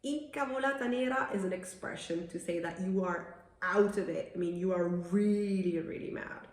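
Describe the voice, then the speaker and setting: Woman doing a lesson video, chatty, explains slow and patient, echoey room. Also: lowish voice. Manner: explains patiently, reads example sentences slowly and clearly; chatty, laughs at her own examples. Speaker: Italian language teacher.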